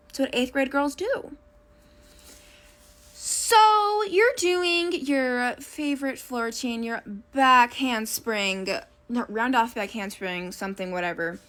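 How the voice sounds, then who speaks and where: A young woman telling a school story in a casual, animated way, addressing the listener as "you". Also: sits high, slow. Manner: animated second-person storytelling.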